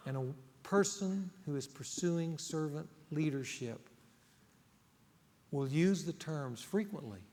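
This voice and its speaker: Preaching pastor in a reverberant hall. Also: male voice, on the high side, animated, takes it slowly, pauses often, a little mellow. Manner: earnest, emphatic preaching with rhetorical questions. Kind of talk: sermon.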